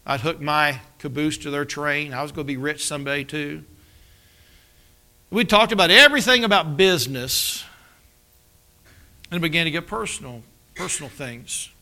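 A man preaching a sermon, telling his own story and acting out the dialogue, dropping to a hush at tense moments. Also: fairly high pitch, moderate pace, long pauses. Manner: storytelling, acts out dialogue with dramatic drops to a hush. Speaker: pastor. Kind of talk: sermon with personal testimony.

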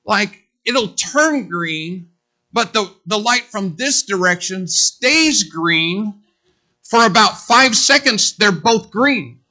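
A preacher voicing an amused male bystander on a park bench, explaining things in a slow, gleeful way. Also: high-pitched, animated, sharp tone, voice pushed up, full character voice.

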